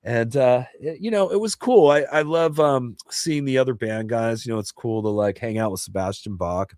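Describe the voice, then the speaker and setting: A man's voice: mid-range voice, moderate pace, darkish tone, no echo, clean studio sound. A middle-aged man hosting a casual livestream chat from home, rambling with many fillers and restarts and reading chat messages aloud. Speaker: host.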